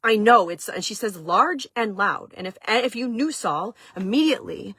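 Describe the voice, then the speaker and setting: A woman from Maine tells a long personal story straight to camera, her voice a little husky. She talks casually with plenty of fillers. The sound is dry and close. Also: medium pitch, lively intonation, moderate pace, fairly bright tone, dry recording. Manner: chatty, lots of "like" fillers. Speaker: vlog host.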